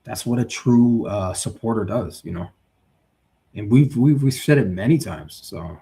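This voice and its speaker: A lower-voiced man hosting a live stream in a relaxed, chatty way. He argues hard for his views, gets heated and reads viewer comments aloud. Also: a little slow, vocal fry. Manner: animated, opinionated, reads chat aloud. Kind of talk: casual live boxing talk.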